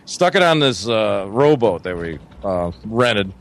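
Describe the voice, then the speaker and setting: A man's voice: lowish voice, very animated, a little slow. A man telling a long camping story in a casual, profane, rambling way, often acting out his friends' voices. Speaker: podcast co-host.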